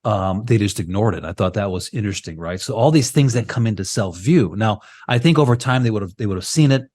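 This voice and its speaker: A man's voice: fairly low pitch, quick pace. A man co-hosting a podcast over a video call, explaining at length in casual chat and often checking in with "right?". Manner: animated, keeps asking "right?". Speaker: podcast co-host.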